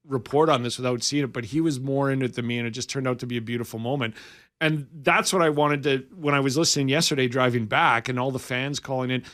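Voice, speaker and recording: A man in his forties from Alberta, co-hosting sports radio and telling a long story in a casual way, acting out the quotes. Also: medium pitch. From Alberta, Canada. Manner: animated, acts out quoted dialogue.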